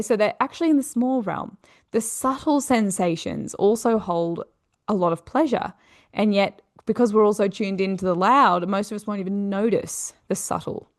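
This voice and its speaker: Earnest Australian woman teaching yoga. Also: mid-range voice. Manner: earnest, explaining, leans on "you know" and "okay". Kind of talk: explanatory teaching talk.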